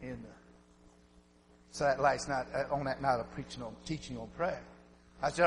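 An older man preaching a fiery sermon as pastor, telling folksy stories and building to loud, shouting preaching. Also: mid-range voice, normal speed, a little hiss or hum. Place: church sanctuary. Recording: long hall reverb.

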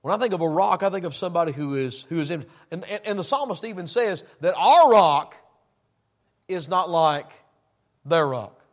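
A man preaching a sermon, swinging between loud emphasis and quiet asides. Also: fairly high pitch, expressive, moderate pace.

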